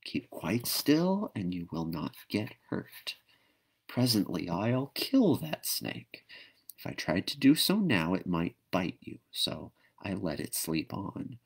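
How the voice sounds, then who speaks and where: Man voicing a quiet, steady kookaburra, soft and hushed, storybook reading. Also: sits low, slow, vocal fry, husky, heavily acted. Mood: reassuring. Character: calm, protective kookaburra perched in a tree.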